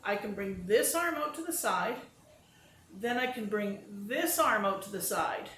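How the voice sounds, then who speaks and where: A woman in a casual vlog, chatty and self-deprecating, narrating her movements step by step. Her voice sits at an ordinary middle pitch. The room echoes noticeably, with a faint hum of ambience behind her. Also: animated, measured pace, bright, forceful tone. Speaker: vlogger demonstrating exercises and telling stories. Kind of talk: casual talk to camera. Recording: roomy echo with faint ambience.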